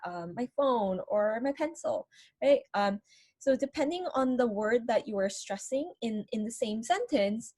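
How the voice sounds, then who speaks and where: A woman's voice: fairly high pitch, a little mellow. A woman instructor giving an online lecture, explaining and demonstrating how word stress changes meaning. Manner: explanatory, demonstrates stress patterns with varied emphasis.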